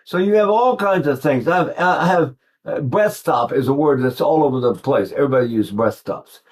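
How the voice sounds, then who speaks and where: A man's voice: medium pitch, moderate pace, darkish tone. A man in his eighties giving an informal singing lesson, rambling and digressive, often breaking off to demonstrate vocal sounds. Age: 80s. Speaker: voice teacher.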